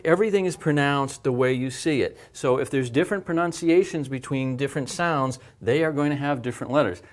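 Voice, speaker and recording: A man in the middle of an alphabet lesson, explaining handwriting and sounds at an even pace. He goes step by step, patient and clear, and breathes the sounds out aloud to demonstrate them. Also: mid-range voice. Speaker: language teacher.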